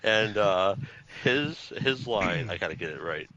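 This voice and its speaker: A man's voice: fairly low pitch, lively intonation, measured pace, sharp tone, lo-fi sound. A man co-hosting a podcast in casual chat, rambling and laughing often. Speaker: podcast co-host.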